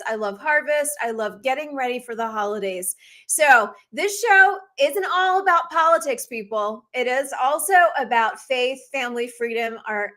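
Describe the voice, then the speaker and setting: Forties woman talk show host, bright and a touch high, bold and emphatic, live stream. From Northern United States. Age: 40s.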